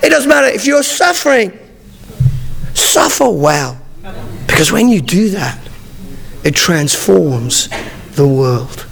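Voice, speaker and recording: A middle-aged man preaching with a strikingly high voice. There is a gravelly rasp under his words. He tells stories animatedly, stumbling and restarting often. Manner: animated storytelling, frequent restarts, acts out dialogue. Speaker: pastor. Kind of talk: sermon.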